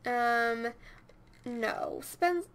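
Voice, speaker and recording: A woman giving casual let's-play commentary, chatty and easily excited, talking straight to her game characters. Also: on the high side, extremely slow, slight background noise. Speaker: gameplay commentator.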